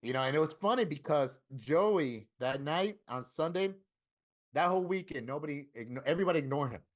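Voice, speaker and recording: A man from Florida telling a story in casual interview talk, animated and profane, acting out what other people said. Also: a little high, brisk. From Florida, USA. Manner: animated, profane, acts out quoted voices. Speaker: interview guest, tattoo artist.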